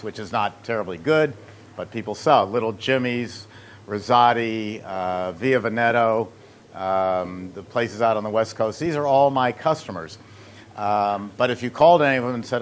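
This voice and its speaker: A man's voice: medium pitch, a little hiss or hum. Rambling man telling business stories. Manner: rambling, anecdotal, with joking asides. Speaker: host and ice machine maker. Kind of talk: casual instructional talk.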